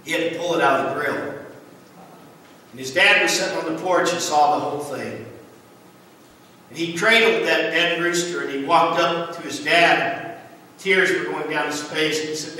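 Male pastor, earnest storytelling sermon, high voice, distant mic in a reverberant hall. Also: unhurried, long pauses, sharp tone, a little hiss or hum. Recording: echoey church hall from far off.

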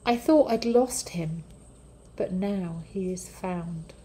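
A forgiving storybook father, gentle and joyful, speaking slowly, as a woman reader gives him voice. Mellow, unhurried tone. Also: on the low side, slight background noise. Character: loving, forgiving father, middle-aged man.

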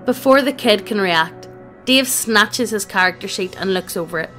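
A woman's text-to-speech voice delivers scripted narration of a tabletop gaming anecdote. The pitch sits in a middle register and the reading stays even, free of fillers. Quiet music plays faintly beneath. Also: moderate pace. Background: faint background music.

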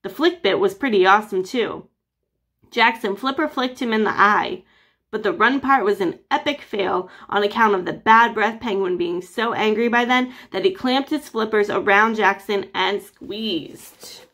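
A woman teacher reading a chapter book aloud to children with lively, expressive storytelling. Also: medium pitch, moderate pace.

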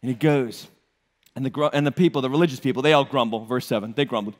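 This New England-accented pastor speaks fast in a mid-range voice, preaching a lively sermon full of jokes and rhetorical questions aimed at his congregation. The church auditorium gives the recording a long hall reverb.

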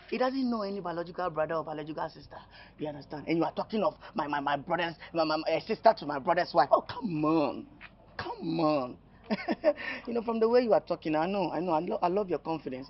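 A man's voice: fairly high pitch, animated, brisk. An actor with a Nigerian accent playing a playful man who teases, laughs and chases a woman. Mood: teasing. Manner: playful, teasing, laughs a lot. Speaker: flirting brother-in-law. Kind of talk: Nollywood film acting. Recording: dull lo-fi sound, faint noise.

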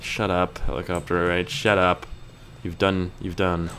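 A young man giving rambling, profane gameplay commentary, breaking into yells at the game. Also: deep voice, flat delivery, normal speed, slight background noise. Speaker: gaming YouTuber.

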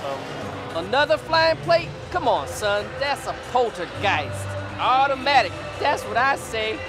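A man doing a goofy, excitable comedic overdub full of nonsense lines. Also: very high voice, a little slow, over music. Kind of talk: comedic overdub of sports footage.

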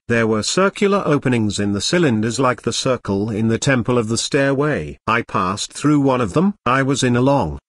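A man's voice: mid-range voice, a bit bright, no echo. Dry synthetic male audiobook voice. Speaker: audiobook narrator. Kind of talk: text-to-speech audiobook narration.

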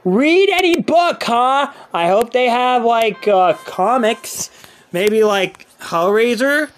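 A woman doing let's-play commentary, exasperated and swearing under her breath, swinging between shrill frustrated yells and low muttering. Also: lively intonation, takes it slowly. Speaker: gaming channel host. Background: faint game music.

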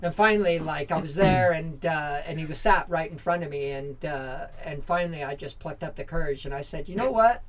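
A man's voice: a little high, steady tone, a little fast, hardly any pauses. An American man in his forties from Southern California, a former motorcycle racer telling stories as a podcast guest, candid and rambling, with lots of fillers, restarts and casual swearing. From Southern California, USA. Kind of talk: casual storytelling interview.

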